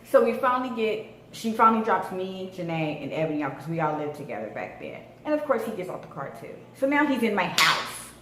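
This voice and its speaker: A woman's voice: mid-range voice, brisk, hardly any pauses. Woman in her 30s ranting through a storytime, voice jumping all over, echoey room w/ faint hiss. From Southern California. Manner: animated, dramatic storytelling with lots of swearing and slang. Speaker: vlogger. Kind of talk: storytime vlog.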